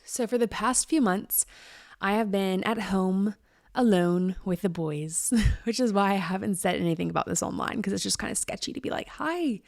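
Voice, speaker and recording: A woman's voice: medium pitch, normal speed, gravelly, no room sound, clean studio sound. A woman in her thirties hosting her podcast, talking candidly in a chatty, emphatic way and laughing often. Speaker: podcast host. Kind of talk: candid casual monologue.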